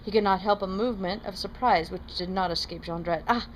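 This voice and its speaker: A woman reading a classic novel aloud in a steady, plain manner, now and then correcting a word. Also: medium pitch, brisk, slight background noise, rough recording. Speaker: reader.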